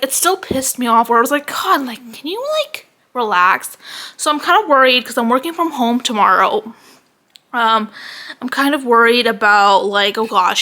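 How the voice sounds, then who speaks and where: A young adult woman venting in a casual vlog, animated and sweary, peppering her talk with "like", a little out of breath. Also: sits high. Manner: animated, heavy use of "like", swearing. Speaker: vlogger.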